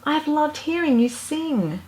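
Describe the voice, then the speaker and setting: A sweet little storybook mouse, kind and excitable, with a high, bright voice, as a woman reads her. She speaks slowly and earnestly. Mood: eager.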